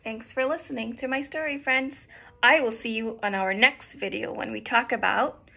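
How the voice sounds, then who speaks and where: A woman teacher reading a picture book aloud to children in a gentle, expressive way. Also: fairly high pitch, moderate pace, gravelly.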